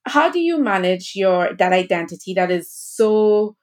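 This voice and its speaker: A woman from Trinidad with a Trinidadian accent, hosting a podcast interview in an animated, chatty way. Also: medium pitch, a little slow. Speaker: podcast host.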